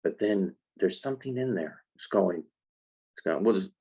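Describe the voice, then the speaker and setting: A man who is a life skills coach for kids, talking in a casual podcast interview. He explains in an animated way and acts out the voices he quotes. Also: low-pitched, moderate pace, vocal fry, breathy edge, low-quality recording.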